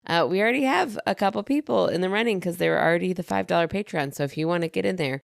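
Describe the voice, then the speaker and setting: A woman with a lowish, gravelly voice chats loosely on her podcast, rambling a little as she goes. Her voice is smooth and clear, recorded close and dry. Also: fast, no room sound. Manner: chatty, rambling plugs with fillers. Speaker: podcast co-host. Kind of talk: casual podcast chat.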